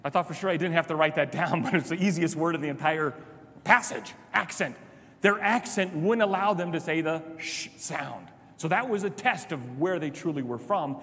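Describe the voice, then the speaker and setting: A man preaching a sermon, retelling a scripture story with lively voices and quiet low asides. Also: moderate pace. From Chicago. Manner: animated storytelling, drops to soft low asides. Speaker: pastor. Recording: reverberant hall.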